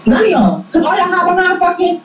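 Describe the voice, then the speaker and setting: A woman trades taunts in a heated, profane argument, her voice high and swinging widely. She sounds set back from the mic in an echoey space. A faint ambient hum sits underneath. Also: very animated, far from the mic. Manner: brash, taunting, profane, fast comebacks.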